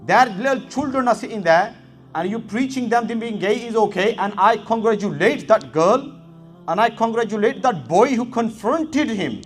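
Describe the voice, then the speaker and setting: A man with a notably high voice delivers an impassioned religious talk as an imam. He lectures emphatically, with a sharp, indignant edge. Faint music plays underneath. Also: expressive, moderate pace.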